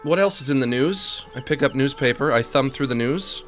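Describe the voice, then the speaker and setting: A man's voice: medium pitch, animated, moderate pace, fairly bright tone, faint music behind. A man streaming a game, chatting casually and rambling with jokes and self-mocking asides. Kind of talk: casual chat on a live stream.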